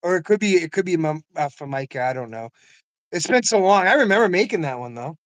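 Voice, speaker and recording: A man's voice: on the high side, sing-song, fast, dry recording. An older man in casual conversation, telling stories earnestly with frequent "you know what I mean" asides. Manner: laughs often. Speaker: host.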